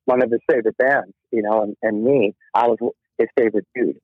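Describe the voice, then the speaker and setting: A man's voice: fairly low pitch, steady tone, fairly quick, slightly rough, no echo. A male musician telling a rambling, heartfelt story in an interview, with many restarts. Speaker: musician guest. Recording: tinny phone line.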